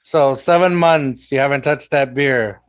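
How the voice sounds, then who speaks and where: A man's voice: medium pitch, unhurried. A man with a Mexican accent hosting a podcast in casual, joking chat, swearing freely. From Texas. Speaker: podcast host.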